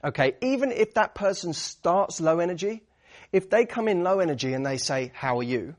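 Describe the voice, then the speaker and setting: An energetic young man coaching viewers on conversation. His voice sits a little higher than most men's, and he keeps checking in with a quick "okay?" as he explains. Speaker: dating coach. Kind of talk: instructional talk to camera.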